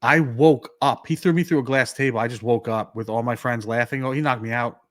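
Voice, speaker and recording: A man's voice: medium pitch, a little fast, no echo. A man tells a story on a podcast, switching into the voices of the people in it and leaning on "like" as he goes. His voice sits in an ordinary middle range. It is recorded dry and close, with no room sound around it. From New York. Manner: animated, acts out quoted dialogue, many "like" fillers. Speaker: podcast co-host. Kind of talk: casual storytelling.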